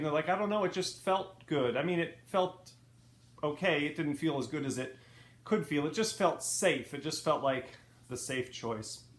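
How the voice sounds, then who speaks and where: A middle-aged man with a neutral Midwestern American accent telling a funny personal story with dry, wry asides. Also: fairly high pitch. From Midwest, United States. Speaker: speaker, former college professor. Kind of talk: storytelling talk. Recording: echoey room with faint ambience.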